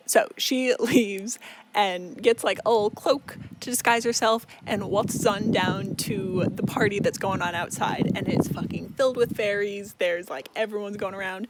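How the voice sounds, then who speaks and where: A man's voice: sits high, background noise. A man giving a casual, rambling book recap. He swears often and laughs as he talks. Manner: rambling, profane, laughs a lot.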